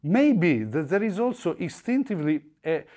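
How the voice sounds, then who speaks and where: A man teaching double bass technique in a masterclass, explaining in a halting way with frequent restarts. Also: sing-song, dark tone. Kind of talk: instrument masterclass demonstration. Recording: faint bowed string music behind.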